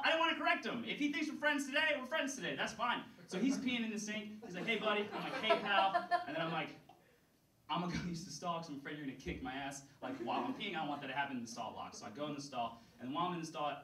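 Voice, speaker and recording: A young man tells rambling, self-deprecating stand-up stories and keeps breaking into laughter at his own jokes. His voice sits high for a man. He is picked up from a distance in a roomy, echoing space with loud noise underneath. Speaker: stand-up comedian. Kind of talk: stand-up storytelling. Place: comedy venue stage.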